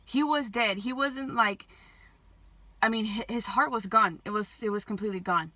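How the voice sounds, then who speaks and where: A woman's voice: mid-range voice, normal speed, bright, forceful tone, no echo. A woman telling an emotional story to her viewers, agitated, swearing constantly and restarting her sentences. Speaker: vlogger.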